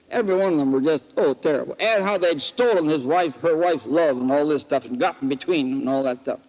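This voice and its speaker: A man preaching at a retreat, telling folksy stories with animated swings between loud exclamations and quiet asides. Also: on the high side, gravelly. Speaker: retreat speaker. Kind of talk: folksy sermon with storytelling. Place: retreat hall. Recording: archival 1968 recording in a hall with long reverb.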